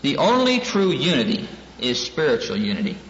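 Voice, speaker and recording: A male minister's mid-range voice swoops wildly in pitch at a normal speed as he earnestly preaches to a class, repeating key lines for emphasis. The recording comes from a dull, echoey hall with faint hiss.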